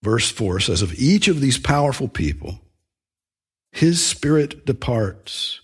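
Husky-voiced man preaching a sermon. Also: mid-range voice, sing-song. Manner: earnest, emphatic, with slow stressed phrases and small restarts.

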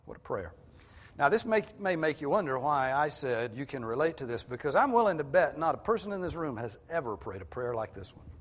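A man's voice: a little high, very animated, fairly quick. A male pastor preaching a sermon to his congregation in a conversational way, explaining scripture in plain everyday words. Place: church hall with a congregation. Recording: long reverb of a large hall.

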